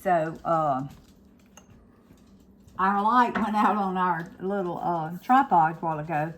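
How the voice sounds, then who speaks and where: A woman's voice: on the low side, slow pace. Chatty older woman cooking. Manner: chatty, homey, talks straight to viewers. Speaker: cooking show host. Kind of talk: casual home cooking demo.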